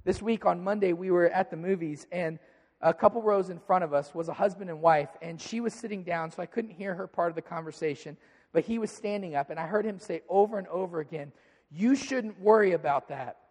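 High-voiced pastor preaching in a hall. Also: male voice, fairly quick, a little mellow. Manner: conversational preaching, acts out dialogues. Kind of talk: sermon.

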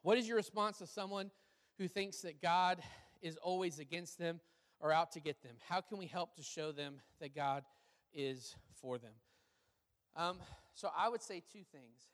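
High-voiced pastor in a reverberant hall. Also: male voice, normal speed. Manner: conversational, animated storytelling with frequent fillers. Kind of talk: sermon Q&A with personal stories.

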